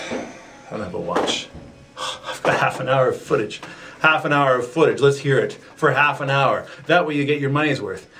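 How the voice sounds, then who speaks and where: A comic performer doing a whiny, petulant rant as a wrestler, with slow repeated chanting and bits of singing. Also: male voice, medium pitch, sharp tone, rough recording. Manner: sings along to a ukulele. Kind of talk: comedy rant monologue. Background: faint ukulele.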